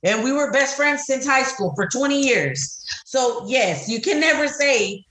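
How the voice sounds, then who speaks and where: Here a middle-aged podcast co-host speaks in a high-pitched voice at a measured pace. She's blunt and foul-mouthed in loose conversation, an animated storyteller, and the room around her echoes.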